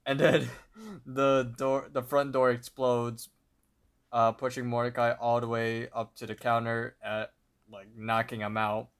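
A man's voice: mid-range voice, little pitch movement, a little slow, clear, resonant tone. A man co-hosting a podcast, casually retelling a cartoon episode over a voice call, with fillers and the odd laugh. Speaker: podcast co-host. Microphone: online voice call.

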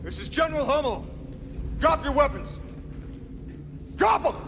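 An actor playing a ruthless renegade general who gives commands and shouts them down in a film scene. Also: male voice, very high voice, very animated, unhurried, creaky, a little hiss or hum, full character voice. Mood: stern, threatening. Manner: barked orders, rising to furious shouts. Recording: film clip with loud score behind.

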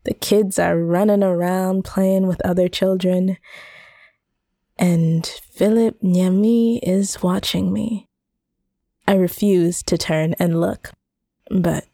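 A woman narrating a first-person romance audiobook in an intimate, soft-spoken way. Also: fairly low pitch, vocal fry, slightly rough, no room sound.

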